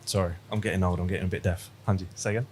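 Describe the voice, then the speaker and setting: A man's voice: deep voice, fairly even intonation, very fast, a little mellow, slight background noise. Man, religious teacher on a video call, chatty question-asking style. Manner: conversational, quizzing students, storytelling. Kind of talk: online class lesson.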